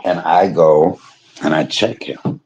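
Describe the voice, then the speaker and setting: A middle-aged man casually telling a personal story, animated and laughing, using street slang and acting out quotes. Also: extremely low pitch, slow, dull audio.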